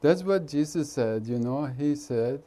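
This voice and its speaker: Male spiritual teacher with an Indian accent, informal talk to a group, unhurried and warm-toned, playful and teasing. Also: a little high, animated. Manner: chatty, teasing, laughs often, nonnative grammar.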